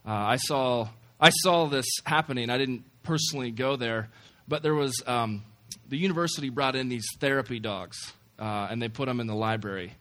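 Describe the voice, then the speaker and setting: Speaking at a moderate pace with hardly any pauses, this man sounds pushed and bright at a medium pitch. He's a campus ministry speaker giving a conversational, joking sermon after an opening prayer, poking fun at himself along the way.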